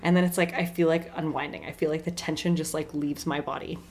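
A young adult woman hosting a podcast, talking casually and warmly about self-care, often checking in with "right?" and laughing between points. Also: sits low, fairly even intonation, fast, slight background noise. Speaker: podcast host.

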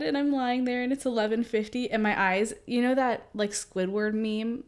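A woman's voice: on the high side, moderate pace. A young woman co-hosting a podcast, chatting casually, giggling and retelling her own stories with acted-out quotes. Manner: giggly, storytelling, animated retelling. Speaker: podcast co-host. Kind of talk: casual chat.

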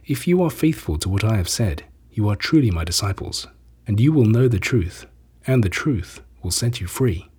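A calm, authoritative teacher speaking with quiet conviction, as a male reader voices him. The voice is low, mellow and very husky, breathy at the edges. Every line is measured and solemn. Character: Jesus, a calm, authoritative teacher, adult man. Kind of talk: scripture reading.

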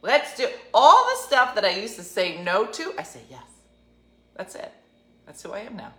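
A woman in her fifties telling a comic story, animated and self-mocking. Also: medium pitch, normal speed, echoey room. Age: 50s. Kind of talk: comedic storytelling.

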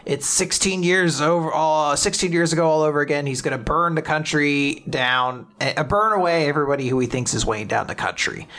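A man co-hosting a casual chat podcast, recapping a story with lively acted-out quotes and frequent laughter. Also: on the high side, brisk, hardly any pauses. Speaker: podcast co-host recapping manga.

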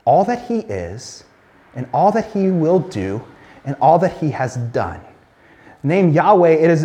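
Male pastor, high tenor, earnest sermon delivery with emphatic swells. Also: mellow. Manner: earnest, emphatic, slows and drops low when quoting God.

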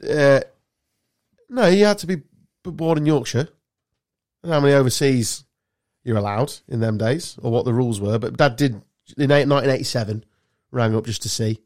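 A man's voice: mid-range voice, lively intonation, a little fast, darkish tone, no echo, clean studio sound. A man from England hosting a casual football chat podcast, joking and bantering with friends. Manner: joking, banter-filled, sweary. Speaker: podcast host.

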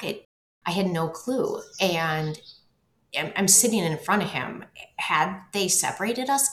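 A woman telling her own story as an interview guest, halting and repeating words as she goes. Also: sits low, fairly bright tone. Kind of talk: personal storytelling. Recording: roomy echo.

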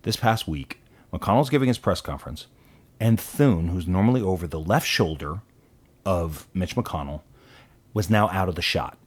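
A man co-hosting a casual political talk show, opinionated and animated, with quick asides. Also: low-pitched, husky. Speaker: podcast co-host.

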